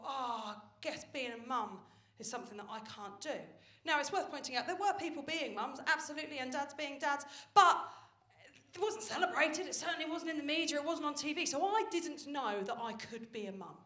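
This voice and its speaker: A woman performing a stand-up comedy set on stage, telling stories in a brash, animated way with plenty of swearing. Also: high voice, brisk. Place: stage of a live comedy venue. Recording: roomy live venue with faint noise. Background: audience laughter.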